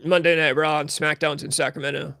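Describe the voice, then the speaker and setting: A young man rambles chattily on a podcast. His voice sits a bit high but is gravelly with vocal fry. He is recorded dry and close. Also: flat delivery, fairly quick, pushed and bright, no room sound. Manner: chatty, rambling, says "dude" and "like". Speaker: podcast co-host. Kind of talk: casual chat.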